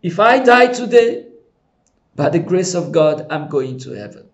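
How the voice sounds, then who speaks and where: A middle-aged male pastor preaching a sermon with passion, dropping to soft pleading and rising to shouts. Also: sits high, sing-song, a little slow, muffled recording.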